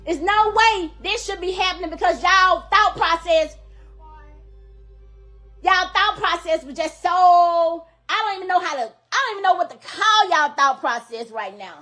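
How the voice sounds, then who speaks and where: A woman's voice: very high-pitched, expressive, fairly quick, hardly any pauses, bright, forceful tone, faint music behind. A middle-aged woman makes an angry, emphatic public plea as a grieving grandmother, repeating herself for force. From Louisiana, USA.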